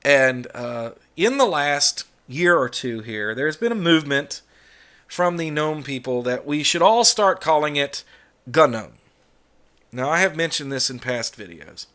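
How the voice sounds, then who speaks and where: A man's voice: fairly high pitch, lively intonation, unhurried, bright, forceful tone. A middle-aged American man hosting a casual monologue vlog, ranting bluntly with some swearing. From United States. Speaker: YouTube channel host.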